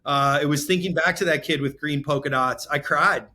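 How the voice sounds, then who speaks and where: A man's voice: fairly high pitch, moderate pace, few pauses, bright, forceful tone. A man in his forties, a real estate entrepreneur, talking candidly and emotionally in a podcast interview, rambling with many restarts. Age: 40s.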